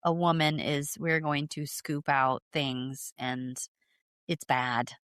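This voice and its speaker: A woman's voice: deep voice, fairly even intonation, slow, a bit bright, clean tone, no echo, studio quality. A woman podcast co-host in casual chat, often chiming in to agree and giving blunt opinions.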